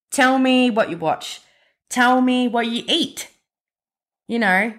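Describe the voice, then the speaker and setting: A woman in her twenties with an Australian accent, hosting a casual solo podcast in a chatty, emphatic way, full of fillers and quick self-corrections. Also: on the low side, a bit bright. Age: 20s. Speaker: podcast host.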